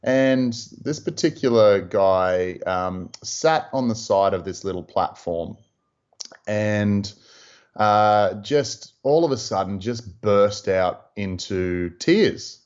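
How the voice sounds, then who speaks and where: Low-voiced Australian man, lo-fi sound. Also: slow, smooth. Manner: relaxed, rambling, lots of "you know". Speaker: freediving instructor and guest. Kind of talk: casual interview storytelling. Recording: dull lo-fi audio.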